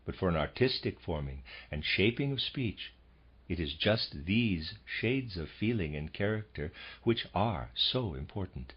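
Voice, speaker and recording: Deep husky man reading a lecture. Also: expressive, dull audio. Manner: measured, formal lecturing delivery. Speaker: audiobook narrator. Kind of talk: scripted audiobook reading of a lecture.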